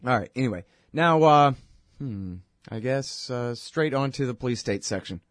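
Heard in clean studio sound with no room echo, this host's mid-range voice is expressive and moves at a normal speed. He runs a political talk show, wandering sarcastically through the day's news in a loose monologue packed with filler words.

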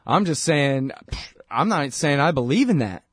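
A man's voice: on the high side, very animated, unhurried, no echo, clean studio sound. A man hosting a political talk show, talking casually and rambling, and he mocks voices when he quotes people. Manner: rambling and conversational, mocking voices when quoting.

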